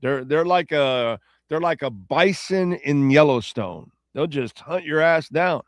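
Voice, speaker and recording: A man's voice: a little high, expressive, unhurried, dry recording, studio quality. A man hosting a casual talk show, rambling through listener comments and correcting himself as he goes. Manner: rambling and self-correcting, loose and chatty. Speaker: radio show host.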